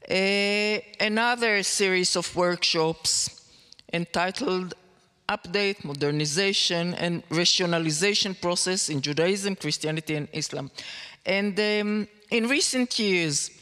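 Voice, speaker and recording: Woman panel guest, slow and careful, bright smooth tone, reverberant hall. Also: lowish voice. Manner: slow, careful report with trailing fillers. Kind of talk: panel discussion.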